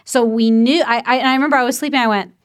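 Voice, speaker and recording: A young woman sharing a family memory in casual conversation. She tells it in an animated way and acts out other people's voices. Her voice is notably high. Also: rapid-fire, clear, resonant tone. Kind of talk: casual chat.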